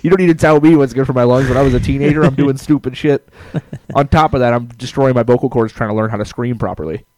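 A man's voice: medium pitch, quick pace, a little mellow, dry recording. A man chatting casually as a podcast co-host, blunt and swearing freely. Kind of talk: casual chat.

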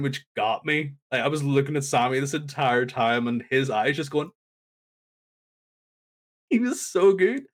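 A man co-hosting a podcast, animatedly recapping a segment, acting out the quotes with big pitch jumps and laughing as he goes. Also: fairly bright tone. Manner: laughs as he talks. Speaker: podcast co-host.

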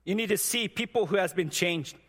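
Earnest and exhortative, this preacher shares his testimony within a sermon, his speech full of false starts and repeated words. The voice sits high and a bit bright, echoing with long reverb as in a hall.

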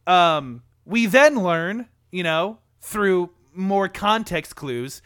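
A man's voice: high voice, animated, takes it slowly, hardly any pauses, a bit bright, clean tone, no room sound, studio quality. A young man retelling a film scene in a casual, emotional podcast chat, full of "like" fillers. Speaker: podcast co-host. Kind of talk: casual movie discussion.

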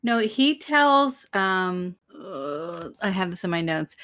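A woman co-hosting a podcast, recapping a TV episode from her notes with animated, blunt humor. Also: on the low side, slow. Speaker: podcast co-host. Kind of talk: casual chat recapping a TV episode.

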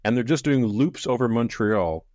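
A man co-hosting a casual book podcast, wry and quick to laugh as he retells scenes. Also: mid-range voice, expressive, a little mellow, dry recording. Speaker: podcast co-host. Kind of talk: casual book-club chat.

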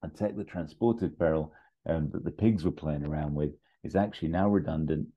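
A man casually pitching a film idea on a podcast, rambling and acting out bits as he goes. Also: breathy edge, dull audio. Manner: rambling, acts out bits with quick voices. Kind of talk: casual storytelling chat.

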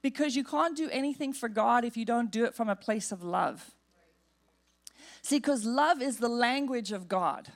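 A woman pastor preaching in a church, telling a personal story in an animated, humorous way. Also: a little high, moderate pace. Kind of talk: storytelling sermon. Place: church sanctuary.

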